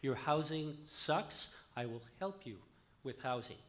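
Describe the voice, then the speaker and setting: A man's voice: medium pitch, expressive, unhurried, a bit bright. A man, a physician, making an emphatic comment from the floor at a conference, often dropping his voice at the ends of phrases. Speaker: physician asking a question from the floor. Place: conference hall.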